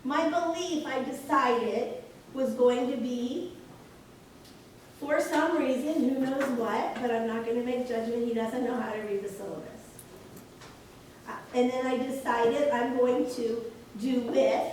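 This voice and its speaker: High-voiced woman in an echoey hall. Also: measured pace. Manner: animated storytelling, acts out dialogue. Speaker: nursing instructor. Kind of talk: in-service staff training talk. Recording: echoey room, mic far off, loud noise.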